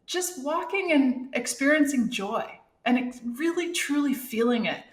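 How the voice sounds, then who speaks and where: A woman's voice: high-pitched, expressive, unhurried. Interview guest, middle-aged woman, heartfelt reflective talk, echoey room. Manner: earnest, heartfelt, restarts and fillers. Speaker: guest, Olympic athlete and thru-hiker.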